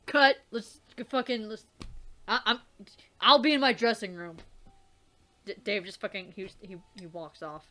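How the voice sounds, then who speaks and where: A woman's voice: mid-range voice, fairly even intonation, moderate pace, long pauses, sharp tone. A woman reading through a visual novel and breaking off into rambling, swear-filled commentary. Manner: rambling, swearing, laughing asides. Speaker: let's player. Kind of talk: casual game commentary.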